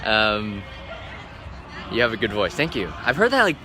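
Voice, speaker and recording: This travel vlogger streams live from a phone outdoors among boats, with crowd noise and a noisy background. His voice is on the low side and sing-song at a moderate pace as he rambles through viewer questions, packed with "um" and "like."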